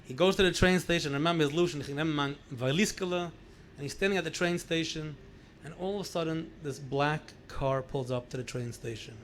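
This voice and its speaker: 60s new york rabbi telling stories, high voice, acts out all the lines, yiddish bits thrown in. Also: male voice, normal speed, a little hiss or hum. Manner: animated, acts out dialogue, mixes in Yiddish phrases. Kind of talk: storytelling talk at a gathering.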